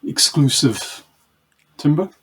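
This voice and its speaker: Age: adult. Sex: man. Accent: New Zealand. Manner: rambling, halting chat. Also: on the high side, lively intonation, fairly bright tone, breathy edge. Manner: rambling, many ums and restarts. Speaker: podcast guest. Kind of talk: casual chat.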